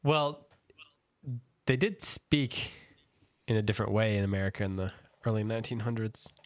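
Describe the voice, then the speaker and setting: A man's voice: lowish voice, normal speed, no echo, studio quality. A man co-hosting a casual book-discussion podcast, steering the conversation with a conversational tone. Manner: steers the talk, conversational, brief interjections. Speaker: podcast co-host leading the episode.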